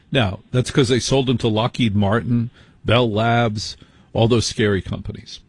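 A man's voice: mid-range voice, steady tone, a little slow, husky, no echo. An American man telling stories in a conversational, conspiratorial way, often restarting his sentences. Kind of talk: casual conversation.

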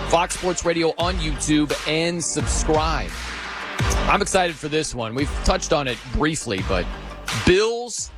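A man hosting a sports radio show, excitable and chatty, imitating stadium chants as he talks. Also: a little high, unhurried, music in the background. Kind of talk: energetic sports talk.

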